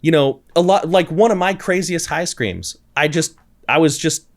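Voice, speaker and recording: A man's voice: a little high, moderate pace. Chatty male vocal coach telling stories. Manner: animated storyteller, acts out quotes, many restarts. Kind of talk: casual podcast chat.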